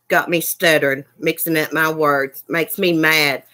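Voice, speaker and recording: A woman's voice: low-pitched, fairly even intonation, measured pace, few pauses, sharp tone. Angry woman ranting on livestream. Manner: heated, cussing, repetitive. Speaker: livestream host.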